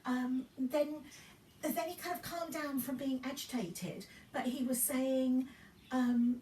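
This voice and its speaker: A woman's voice: high voice, slow, mellow, a little hiss or hum. A woman in her fifties chatting casually in a vlog, rambling through her story with many ums and restarts. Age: 50s. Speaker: fashion vlogger. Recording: roomy sound from a distance off the mic.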